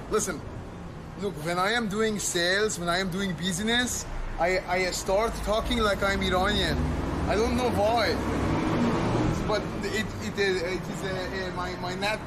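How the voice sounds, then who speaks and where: A man's voice: sits high, background noise. A young man bantering on a livestream, bossy and playful as he mock-scolds a friend. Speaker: streamer in street clips.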